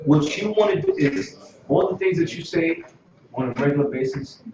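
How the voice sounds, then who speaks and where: A man teaching an informal language class, unhurried and pausing often with fillers. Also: fairly high pitch, lively intonation. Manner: unhurried, many filler pauses. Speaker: Hebrew teacher. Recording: echoey, distant, dull lo-fi room recording with noise.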